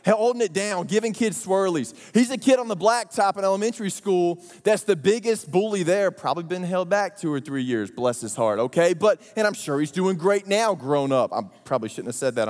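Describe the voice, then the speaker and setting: Male pastor, sermon, jokey storytelling, very expressive pitch, echo of a big church hall. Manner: animated, jokey storytelling with slang. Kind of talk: lively sermon with acted-out voices. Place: large church auditorium. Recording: long hall reverb.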